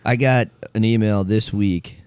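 A man's voice: on the low side, fairly even intonation, unhurried, background noise. A man co-hosting a casual podcast, chatting and telling stories with animation. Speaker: podcast co-host. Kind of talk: casual chat.

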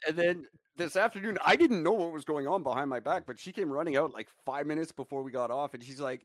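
A man's voice: on the high side, quick pace, few pauses, dry recording. A man co-hosting a podcast, telling profane, joking stories in casual chat. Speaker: podcast co-host.

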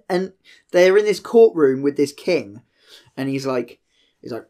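Young man, podcast co-host, rambling storyteller, higher voice, casual banter. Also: moderate pace. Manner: rambling storyteller, acts out scenes with shouted voices.

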